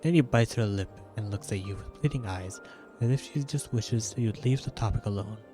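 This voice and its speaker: A man's voice: on the low side, moderate pace, over music. A man streaming a video game, reading its narration aloud in a casual way, with joking asides.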